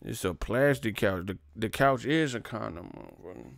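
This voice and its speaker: Close to the mic on a dry recording, a young male livestream host speaks in a fairly low, gravelly, animated voice at normal speed. He launches into profane stories as a casual comedic rant, reads out names from the chat, and laughs loudly.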